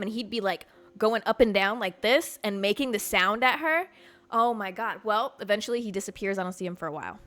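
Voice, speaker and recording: A woman hosting a podcast, telling a story in a casual, animated, profane way. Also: a little high. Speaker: podcast host.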